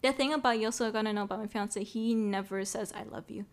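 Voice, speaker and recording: A woman's voice: mid-range voice, quick pace. A young woman chatting casually as a podcast guest, rambling with lots of fillers. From Canada. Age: young adult. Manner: rambling, heavy use of fillers and "type of deal". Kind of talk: casual chat.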